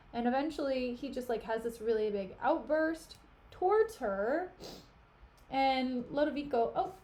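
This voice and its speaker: A chatty woman streamer talks into a desk mic. Her voice is fairly high, and her delivery is slangy and loose, with plenty of fillers and asides. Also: mellow. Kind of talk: casual retelling of a play.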